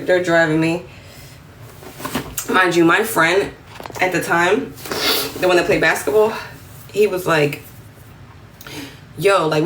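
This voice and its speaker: A woman in her twenties with a New York accent, telling a story on a phone livestream in a lively, slangy way and acting out the other voices. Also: on the low side. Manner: animated, slangy, acts out quotes in a raised voice. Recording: roomy, slightly distant phone audio with faint room noise.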